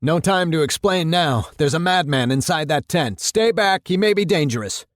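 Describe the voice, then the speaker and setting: A man's voice: a little high, expressive, moderate pace, no echo, studio quality, voice pushed up, close to an everyday voice. A man reading the part of an anxious, officious policeman who barks urgent commands. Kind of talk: dramatic reading of a radio play.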